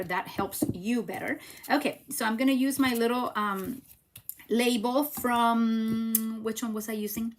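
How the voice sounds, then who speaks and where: A woman's voice: medium pitch, heavy background noise. A woman with a Puerto Rican Spanish accent whose first language is Spanish, leading a live card-making tutorial in a chatty, upbeat way, thinking aloud as she works. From Puerto Rico. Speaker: craft demonstrator.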